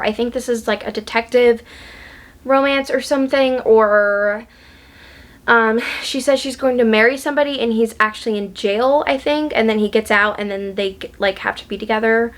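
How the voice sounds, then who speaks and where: Chatty, higher-voiced woman book vlogger. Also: fairly bright tone. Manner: chatty and gushing, many ums and likes. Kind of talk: casual chat.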